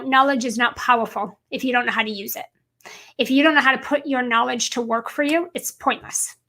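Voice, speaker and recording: A woman's voice: sits high, gravelly, sharp tone. A woman business coach giving an earnest, emphatic motivational talk on a livestream, repeating points for stress.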